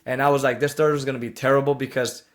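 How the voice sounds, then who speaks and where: A man's voice: medium pitch, flat delivery, fast talker. A young man casually recapping a short film in a reaction video, rambling with many fillers and restarts and breaking into indignant asides.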